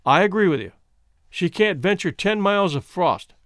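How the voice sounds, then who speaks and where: A man voicing a scheming, smooth-talking man who speaks with deliberate, mock-polite slowness. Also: high voice, animated, fairly bright tone, dry recording, studio quality, pitched above the performer's own voice. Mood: smug. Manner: deliberate, judicial, mock-apologetic.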